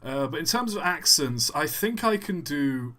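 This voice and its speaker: A man's voice: on the high side, big pitch swings, normal speed, a bit bright. A man answering chat questions on a casual live stream, rambling and self-deprecating, with many fillers.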